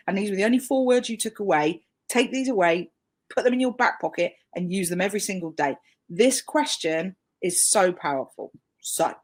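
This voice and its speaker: A British woman gives a live webinar training talk over a video call, chatty, emphatic, and self-deprecating. Her voice is medium-pitched, darkish in tone, and slightly rough.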